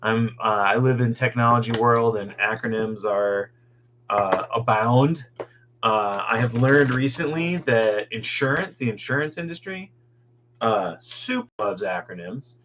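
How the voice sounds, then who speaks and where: A man's voice: mid-range voice, a little slow, fairly bright tone, lo-fi sound, a little hiss or hum. A man hosting a meditation group from home on a video call, rambling casually and greeting people by name.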